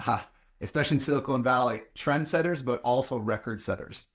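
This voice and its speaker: A man's voice: medium pitch, brisk. A man co-hosting a casual talk, agreeing briefly and adding light jokes. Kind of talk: casual conversational chat.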